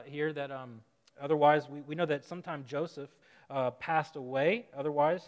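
A man preaching a conversational sermon, acting out quotes with rising emphasis. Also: fairly high pitch. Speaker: pastor. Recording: long hall reverb.

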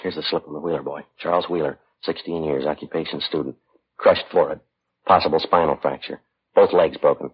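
An actor playing a terse, steady police detective with a clipped, matter-of-fact delivery in an old radio drama. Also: male voice, very deep voice, fairly quick, breathy edge. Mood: flat. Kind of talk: 1950s radio drama acting. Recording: dull old radio broadcast.

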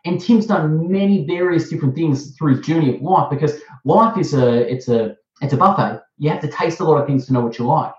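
A man with an Australian accent hosting a casual interview, talking with rambling enthusiasm and pitching up for emphasis. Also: fairly quick, few pauses. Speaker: host. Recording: echoey, muffled sound.

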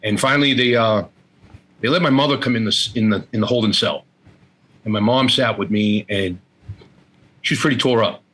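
Husky man telling his story haltingly. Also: on the low side, a bit bright, rough recording. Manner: halting, repeats words, quotes family in dialogue. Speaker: interview guest. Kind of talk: candid personal storytelling.

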